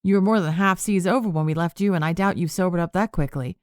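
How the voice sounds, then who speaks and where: A bold young witch with a sharp tongue who speaks firmly, as a woman reads her in an audiobook. The voice is a bit raised and dry. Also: fairly low pitch, fast, dry recording, close to an everyday voice. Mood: defiant. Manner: firm, demanding. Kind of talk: audiobook character reading.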